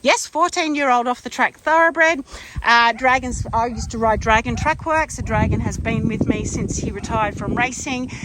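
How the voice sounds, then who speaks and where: A woman's voice: on the high side, normal speed, noisy background. A woman, a horse trainer chatting casually and affectionately in an outdoor paddock, with lots of ums and fond cooing. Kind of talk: casual walk-around vlog.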